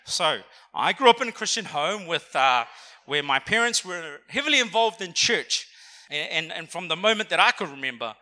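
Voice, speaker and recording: A young man preaches to a church congregation in an energetic, conversational way, often asking them to repeat words back to him. His voice sits high, with a very bright, forceful edge. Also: normal speed. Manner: energetic, conversational, calls for audience response. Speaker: pastor. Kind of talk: sermon. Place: church auditorium.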